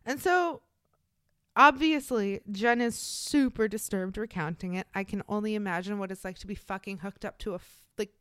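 Young woman, podcast host, casual storytelling, swears freely, clear smooth voice, dry close sound. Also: mid-range voice, moderate pace, a bit bright, no room sound. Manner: blunt and profane, many fillers like "like". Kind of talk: casual true-crime storytelling.

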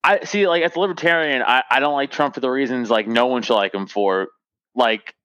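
A man's voice: mid-range voice, a little fast, a bit bright, smooth, no echo. A young adult man, a stand-up comedian guest, chatting in a profane, joking way and laughing often. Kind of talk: casual podcast chat.

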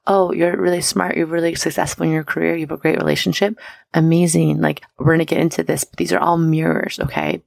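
Woman podcast host, gravelly fry throughout, close and dry. Bubbly, affirming, coaching. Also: low-pitched, darkish tone, no room sound. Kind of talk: casual motivational talk.

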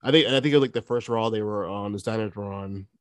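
A man co-hosting a podcast, chatting casually about wrestling, relaxed and hedging, often repeating himself. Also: lowish voice, fast, no room sound. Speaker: podcast co-host.

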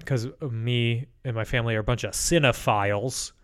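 A man co-hosting a podcast over a remote call, telling rambling stories with deadpan asides. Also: mid-range voice, normal speed, clear, resonant tone. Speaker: podcast co-host. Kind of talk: casual chat. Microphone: remote call mic.

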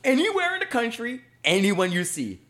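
Male co-host, high and animated, emphatic casual talker. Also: moderate pace. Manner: emphatic, swings from loud to quiet. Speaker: podcast co-host. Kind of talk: casual chat.

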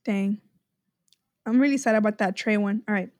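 A woman's voice: medium pitch, normal speed, no room sound, clean studio sound. A young woman co-hosting a podcast, chatting casually and laughing a lot as she recalls viral clips. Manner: giggly, animated, quotes viral clips in put-on voices. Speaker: podcast co-host, quiz contestant. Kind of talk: casual chat.

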